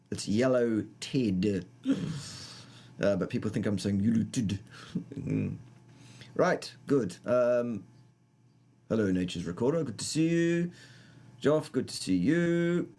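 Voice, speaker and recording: A man's voice: mid-range voice, unhurried, a little mellow. A man with a New Zealand accent hosting a casual livestream, rambling and joking as he greets viewers by name. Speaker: livestream host.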